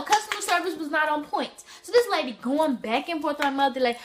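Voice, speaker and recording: A woman vlogger telling a casual storytime in an animated, slangy way, repeating phrases for emphasis. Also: high voice, fast talker, few pauses.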